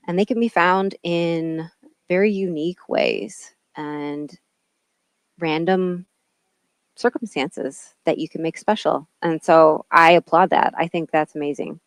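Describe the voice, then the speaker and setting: A woman's voice: fairly low pitch, takes it slowly, dry recording. A woman guest in a casual podcast chat, talking in a chatty way with many fillers. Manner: chatty, filler-heavy, supportive.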